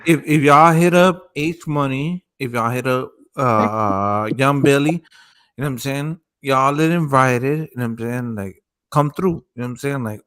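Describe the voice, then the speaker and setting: A man's voice: medium pitch, moderate pace, fairly bright tone, clean tone. A man hosting a casual boxing chat on a group call, rambling loosely with lots of profanity while faded. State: high, faded.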